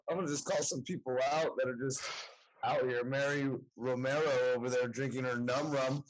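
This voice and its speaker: A man's voice: a little high, husky, low-quality recording. A man hosting a live comedy stream over a video call, teasing the audience loosely. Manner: loose, teasing crowd work. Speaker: host.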